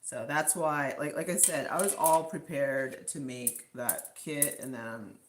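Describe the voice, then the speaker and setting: A woman's voice: extremely low pitch, unhurried, a little hiss or hum. A woman chatting casually as host of a livestream from her home kitchen, rambling with lots of fillers. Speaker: live stream host.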